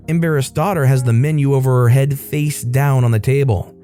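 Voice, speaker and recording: A man's voice: mid-range voice, normal speed, dark tone, faint music behind. A man narrating a reddit story in the first person, dry and wry.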